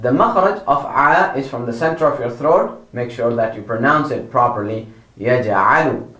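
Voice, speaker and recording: A man's voice: medium pitch, expressive, normal speed, fairly bright tone, reverberant. A man teaching children Quran pronunciation, drawing out each model word, repeating corrections and praising them. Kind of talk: slow, patient pronunciation lesson for children.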